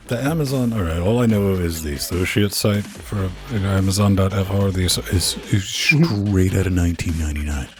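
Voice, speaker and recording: A man's voice: low voice, animated, a little fast, darkish tone, soft background music. A man co-hosting a podcast, talking in a rambling, jokey way with many restarts. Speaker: podcast co-host. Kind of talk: casual podcast chat.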